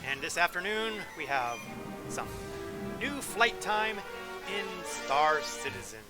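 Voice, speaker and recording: A man's voice: on the high side, sing-song, takes it slowly, loud music behind the voice, poor audio. A man streaming a space game, reading lore aloud with wry, joking asides. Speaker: gameplay streamer.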